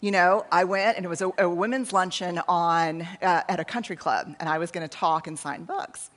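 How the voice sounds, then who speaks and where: A woman in her forties with a Texan accent speaks in a fairly low voice, telling a story on stage to a crowd in a keynote talk. Her delivery is conversational and self-deprecating, and she acts out snippets of dialogue as she goes. The sound rings with the long reverb of a large hall. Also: steady tone, moderate pace, a bit bright. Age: 40s. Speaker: researcher and speaker.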